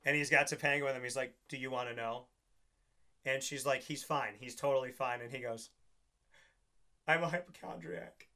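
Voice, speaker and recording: A man's voice: medium pitch, fairly quick. A young man hosting a casual chat, rambling through stories and acting out the lines he quotes. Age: young adult. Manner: rambling, animated storyteller who acts out quoted lines.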